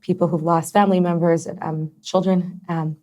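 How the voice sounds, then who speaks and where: A woman's voice: on the low side, little pitch movement, moderate pace, darkish tone. A young adult woman as a podcast guest, talking in an earnest, heartfelt way with many fillers. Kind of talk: personal conversation.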